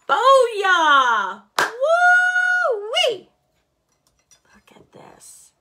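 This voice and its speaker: Bubbly, gravelly-voiced woman selling home fragrance. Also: mid-range voice, sharp tone, a little hiss or hum. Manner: bubbly, chatty, laughs often. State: slightly hoarse from hollering. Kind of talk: live product demo vlog.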